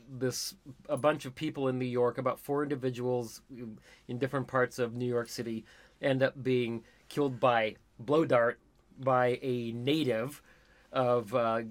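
Man summarizing plots with hesitations. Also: mid-range voice. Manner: rambling, hesitant. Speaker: podcast co-host. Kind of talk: casual film review chat.

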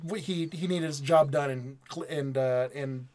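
A man's voice: fairly high pitch, normal speed, a little mellow. Profane man retelling a movie plot. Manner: profane storyteller who acts out characters' lines. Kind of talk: casual movie review chat.

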